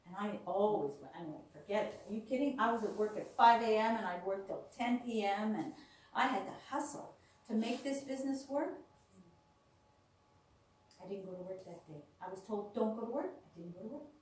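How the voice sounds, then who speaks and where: A woman's voice: medium pitch, moderate pace, a little hiss or hum. A woman telling personal stories to a small audience, acting out what others said. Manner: animated storyteller, acts out quoted voices. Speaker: speaker sharing personal experiences. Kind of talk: storytelling talk to a small audience. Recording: echoey room, voice from far off.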